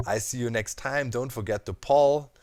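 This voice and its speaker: A man's voice: medium pitch, moderate pace, mellow, slight background noise. A man casually commenting while he builds in a video game, thinking aloud with many fillers and asides. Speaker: Minecraft let's player.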